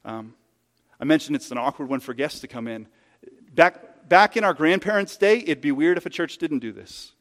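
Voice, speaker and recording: A man's voice: on the high side, expressive, moderate pace, fairly bright tone, in a large hall. A man preaching a sermon as pastor in a conversational, emphatic way, using hypothetical examples. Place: church sanctuary.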